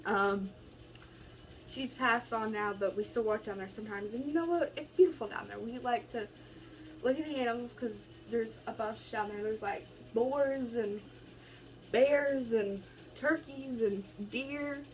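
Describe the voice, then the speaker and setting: A woman's voice: fairly high pitch, measured pace, slight background noise, poor audio. Chatty young woman vlogging. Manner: rambling, chatty, many restarts. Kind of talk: casual storytime vlog. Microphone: phone camera.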